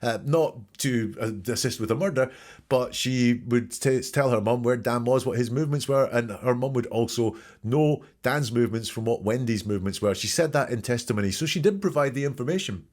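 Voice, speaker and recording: A man's voice: mid-range voice, fairly quick, darkish tone. A man hosting a show where he breaks down court testimony in spoken commentary, emphatic and questioning, repeating key words. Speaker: host analyzing trial testimony.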